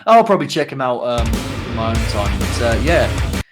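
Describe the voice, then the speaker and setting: A man's voice: medium pitch, big pitch swings, normal speed, over music. Chatty man reading band blurbs. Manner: reads out band blurbs with many ums and asides. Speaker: podcast co-host. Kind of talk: casual podcast chat.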